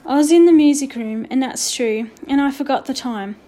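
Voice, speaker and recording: Woman doing a sulky schoolboy, storybook reading, mumbly, cocky, mellow. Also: sits high, normal speed, natural voice.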